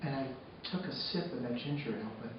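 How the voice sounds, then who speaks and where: A man telling a personal story on stage, moving between hushed, sombre narration and loud, excited retelling. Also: mid-range voice, fast talker. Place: arts center stage before a live audience. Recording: echoey hall from far off, dull and noisy.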